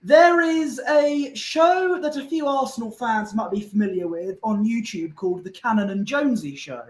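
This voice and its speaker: A man's voice: extremely high pitch, animated, normal speed, reverberant, poor audio. A man from Somerset, a guest on a fan panel show, talking in an earnest, rambling way with lots of restarts. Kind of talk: casual chat.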